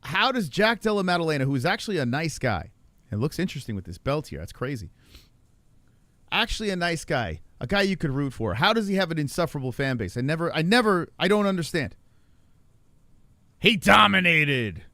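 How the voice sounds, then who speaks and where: A man's voice: a little high, sing-song, fast, fairly bright tone, dry recording. Ranting male livestream host, dry sound. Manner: ranting, mocking a chatter in a put-on voice; profane and jokey. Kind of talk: casual livestream chat.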